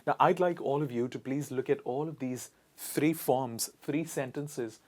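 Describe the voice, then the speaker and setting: A mid-pitched man from India leads an online English pronunciation lesson. He stresses words deliberately and drills his listeners to repeat after him. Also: a little mellow.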